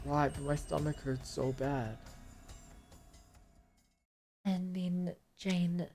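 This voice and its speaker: A woman's voice: sits low, drawn-out words, warm tone, faint music behind. A young woman streaming a game, reading narration aloud and chatting to her viewers in a frustrated, offhand way. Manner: frustrated, talks to chat.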